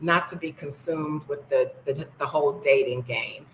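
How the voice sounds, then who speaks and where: A woman's voice: deep voice, moderate pace, slight background noise, poor audio. An older woman from the United States, blunt and sassy, chatting casually in a vlog from her home. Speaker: vlogger.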